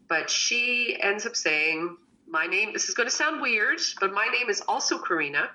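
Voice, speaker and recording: Woman, bright lowish voice, chatty and animated, telling a story. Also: rough recording. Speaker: guest, baker and cookbook author. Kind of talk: casual chat.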